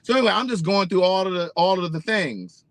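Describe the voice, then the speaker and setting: Indignant storytelling man, raised pitch. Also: a little fast, no room sound. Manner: emphatic, indignant, profane storytelling; addresses viewers directly. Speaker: vlogger. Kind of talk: casual storytelling to camera.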